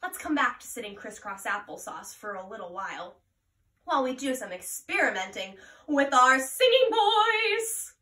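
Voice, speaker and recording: A woman guides children through a playful mindfulness lesson, her voice high and bright with big, bouncy swings in pitch. She talks slowly and gently. The sound is roomy and a little distant, recorded at home. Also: big pitch swings. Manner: gentle, playful, slow and encouraging. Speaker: children's yoga and music teacher. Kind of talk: kids' mindfulness lesson with singing. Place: at home, roomy indoor space. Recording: echoey room, voice from a distance.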